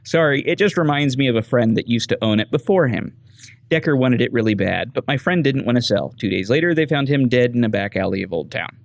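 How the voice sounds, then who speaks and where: A chatty weapon-shop owner from a wasteland game, voiced by a man, sharing gossip in a confiding, earnest tone. The voice sits a little higher than a plain male voice, with lively pitch swings and a gravelly grain. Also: fairly quick, dry recording, clean studio sound. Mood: gossipy.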